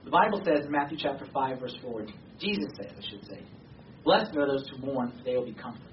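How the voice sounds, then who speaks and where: A man's voice: mid-range voice, expressive, fairly quick. Male pastor, conversational, grows emphatic; distant mic, roomy echo, dull sound. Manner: conversational, emphatic, rising to passionate exhortation. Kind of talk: sermon. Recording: distant, echoey, dull sound with faint noise.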